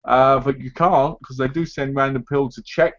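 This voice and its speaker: A man's voice: medium pitch, steady tone, moderate pace. Chatty man hosting a live chat, lo-fi. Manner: chatty, acts out other people's lines as he talks. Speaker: live stream host. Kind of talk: casual chat. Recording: dull lo-fi stream audio.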